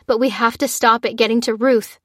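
A woman voicing a determined young woman in danger, shouting urgent commands. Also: fairly high pitch, fairly even intonation, brisk, no room sound, clean studio sound. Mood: urgent, commanding.

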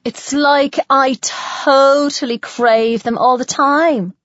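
A woman's voice: sits high, steady tone, takes it slowly, fairly bright tone, dry recording, highs cut off. A woman playing a chatty, gossipy teenage girl in an audiobook, talking in gushing, filler-heavy chatter.

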